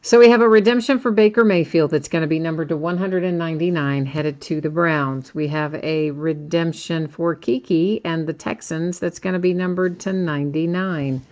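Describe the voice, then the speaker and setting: A woman's voice: sits low, steady tone, moderate pace, few pauses, darkish tone. Lo-fi chatty woman hosting a card break. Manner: chatty, dryly sarcastic asides. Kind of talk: casual live commentary. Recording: dull lo-fi home recording.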